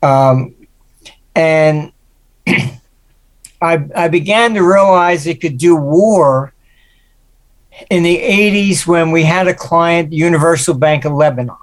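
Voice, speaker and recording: An older man, a market forecaster appearing as an interview guest, tells stories casually and anecdotally. His voice is a little high and slow, with frequent pauses. He slips into quoted voices and acts them out.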